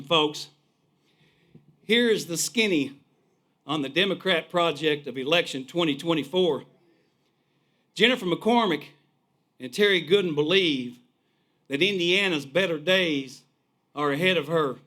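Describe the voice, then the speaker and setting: A man's voice: fairly high pitch, normal speed, a bit bright. A man with a Kentucky accent giving a folksy, punchy rally speech outdoors, repeating "folks" as he builds to introducing the next speaker. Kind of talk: rousing political rally speech.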